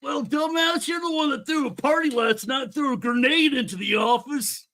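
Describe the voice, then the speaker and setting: Brash high-voiced man co-host. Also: moderate pace, pushed and bright. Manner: brash and teasing. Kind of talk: casual livestream banter.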